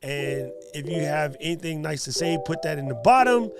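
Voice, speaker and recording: Joking, animated man hosting a livestream. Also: fairly high pitch, moderate pace, music in the background. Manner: joking, animated, laughs often. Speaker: livestream host. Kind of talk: casual livestream chat.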